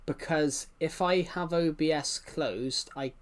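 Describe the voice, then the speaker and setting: A young man with a slightly high voice chats casually with viewers while livestreaming a game. He speaks slowly, rambles, and often corrects himself.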